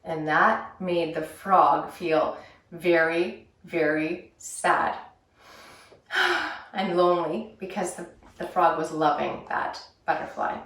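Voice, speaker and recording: A woman guiding children through a yoga story, telling it in a playful, gently instructive way. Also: deep voice, steady tone, takes it slowly. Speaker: kids yoga teacher. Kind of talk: guided kids yoga story. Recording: echoey room, voice from a distance.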